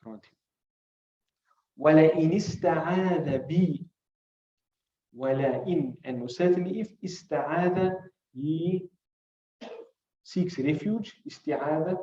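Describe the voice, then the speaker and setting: This hadith teacher has a dark, slightly high voice and talks a little fast but leaves long pauses. He explains each Arabic term, recites classical phrases between English, and asks his class rhetorical questions, heard through a muffled, echoey recording.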